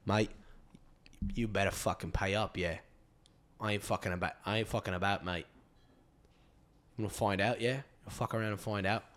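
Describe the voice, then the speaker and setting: A man doing a swaggering Australian heavy who talks in a low, hushed growl. He is a menacing mob enforcer full of slang threats, a comic podcast impression. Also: fairly even intonation, moderate pace, pauses often, lightly acted.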